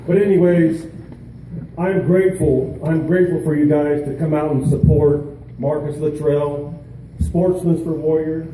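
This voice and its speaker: A man, a veteran and peer mentor, giving an emotional speech at an outdoor charity event, halting with pauses and fillers. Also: fairly high pitch, steady tone, very echoey, recorded from a distance, a crowd in the background, noisy background.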